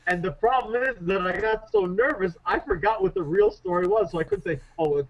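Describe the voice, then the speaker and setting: A man with a high-pitched voice speaks a little fast as a radio interview guest, a public speaking coach recounting stories with animated self-deprecation. The show's audio is muffled.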